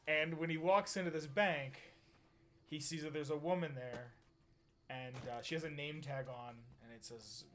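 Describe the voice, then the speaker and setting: A man's voice: a little high, moderate pace, a bit bright, slight background noise. A young man chatting casually while streaming a game, joking, teasing and telling a rambling joke. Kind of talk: casual chat while gaming.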